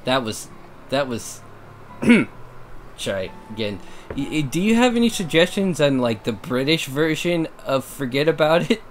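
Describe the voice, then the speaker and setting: A man's voice: on the high side, lively intonation, measured pace, a little hiss or hum. A man co-hosting a visual novel playthrough, rambling and self-mocking. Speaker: co-host voicing the game. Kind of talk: casual visual novel let's play.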